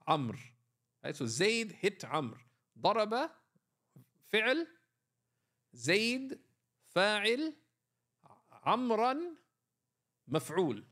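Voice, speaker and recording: A man lectures on Arabic grammar in a fairly high voice with lively, swooping intonation. He walks through each point step by step and keeps checking in with his students, asking "right?" and quizzing them as he goes. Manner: frequent checking tags like "right?". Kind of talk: classroom lecture.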